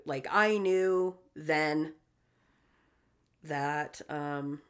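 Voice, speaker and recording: Profane, animated woman telling a story. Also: deep voice, smooth. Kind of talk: casual storytelling chat.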